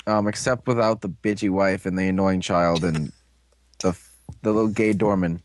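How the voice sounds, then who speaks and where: A man's voice: low voice, fairly even intonation, moderate pace, no echo. Rambling, crude young man podcasting. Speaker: podcast co-host. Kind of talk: casual recap podcast chat.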